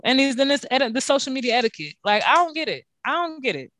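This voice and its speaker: A young woman co-hosting a casual chat, telling stories with lots of swearing and big swings in pitch. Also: fast, hardly any pauses, no echo, studio quality. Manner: profane, animated storytelling with big pitch swings. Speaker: podcast co-host.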